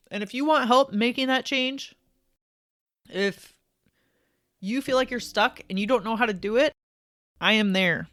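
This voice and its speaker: A woman's voice: on the high side, measured pace, long pauses, fairly bright tone. Emphatic motivational woman podcaster. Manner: encouraging, emphatic, colloquial. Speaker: podcast host.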